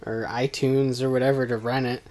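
A man's voice: mid-range voice, level tone, a little fast, darkish tone. A man chatting casually on a podcast, telling a long story with lots of false starts. He laughs easily and keeps looping back to his point. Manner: rambling storyteller, frequent restarts and laughs. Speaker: podcast co-host. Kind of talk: casual chat about a movie.

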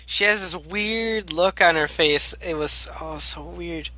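A man in casual chat who comes in with quick, animated interjections. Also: a little high, slight background noise.

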